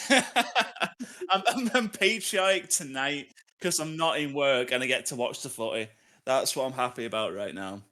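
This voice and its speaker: A man co-hosting a podcast from his home office, ranting in loud, sweary mock outrage and laughing as he goes. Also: mid-range voice, animated, unhurried. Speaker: podcast co-host. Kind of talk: casual chat. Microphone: home office mic.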